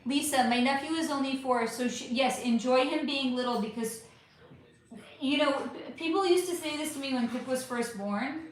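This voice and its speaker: A woman's voice: high voice, normal speed. A woman in her thirties chatting casually on a livestream, reading comments and rambling, swearing now and then, recorded on a phone in her living room. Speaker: livestream host. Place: bright living room at home. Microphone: phone without external microphone. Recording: echoey room, faint background hiss.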